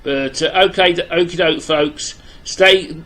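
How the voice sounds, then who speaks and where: An Englishman with an English accent and a fairly high, bright, forceful voice. He talks casually to camera about music, blunt and opinionated, and rambles with lots of fillers and restarts. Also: slow pace, rough recording. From England. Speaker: music vlogger. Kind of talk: casual video chat to camera.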